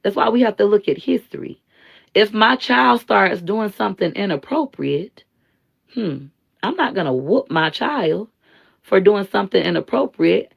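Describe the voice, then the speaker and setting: A woman hosting a live stream, giving blunt, slangy commentary and telling stories in an animated way. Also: mid-range voice, normal speed, creaky, husky. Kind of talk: casual commentary and storytelling.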